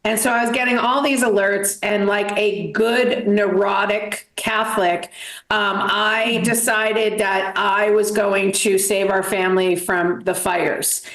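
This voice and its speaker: A woman's voice: medium pitch, level tone, slow pace, fairly bright tone, echoey room. A woman from Massachusetts with a Boston accent, doing a stand-up comedy set over a video call, self-deprecating and dramatic, with lots of fillers.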